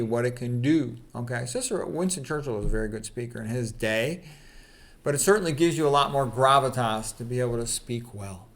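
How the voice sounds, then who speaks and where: Brief: man, mid-pitched, easygoing solo talk, reads quotes and comments offhand, peppered with "okay". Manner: conversational, fillers like "okay" and "you know", opinionated asides. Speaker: channel host. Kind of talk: casual talk reading quotes.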